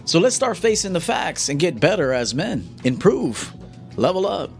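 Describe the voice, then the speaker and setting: A man's voice: a little high, big pitch swings, normal speed, faint music behind. A man coaching his audience in a live-stream monologue, blunt and confrontational, often checking "okay?". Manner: blunt, lecturing, confrontational, keeps asking "okay?".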